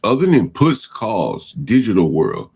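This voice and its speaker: A man's voice: fairly low pitch, huge pitch swings, measured pace, creaky, a little mellow, husky. A man hosting a live call-in show, badgering a caller and repeating his questions. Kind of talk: confrontational call-in talk.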